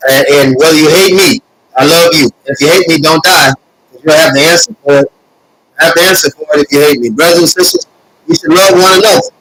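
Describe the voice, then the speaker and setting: Emotional man addressing viewers, higher voice. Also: fairly bright tone, breathy edge, low-quality recording. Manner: earnest, repetitive, preacher-like cadence with many fillers. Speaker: host of a streaming show. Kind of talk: live-stream address to viewers, reading comments.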